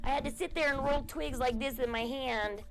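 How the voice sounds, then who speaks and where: A woman's voice: sits high, normal speed, creaky, music in the background, low-quality recording. A woman host rambling casually to her viewers in a chatty, emphatic way. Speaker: channel host.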